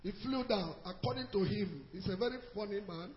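A man with a Nigerian accent preaching a sermon to a church, telling a story with hushed asides and shouted exhortations. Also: high voice, fairly quick, big-room sound, dull audio. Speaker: pastor.

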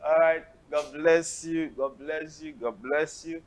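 A man co-hosting a faith Q&A, reading viewer questions and scripture aloud in a steady, formal voice. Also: a little high, slow, low-quality recording.

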